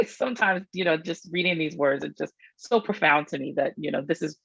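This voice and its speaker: A woman's voice: normal speed, vocal fry, a bit bright, slightly rough, no room sound, highs cut off. A middle-aged woman, an author giving a public book talk, reads passages from her book aloud and breaks off for asides, with frequent fillers and restarts. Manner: raises her pitch when reading quoted passages, frequent fillers and restarts.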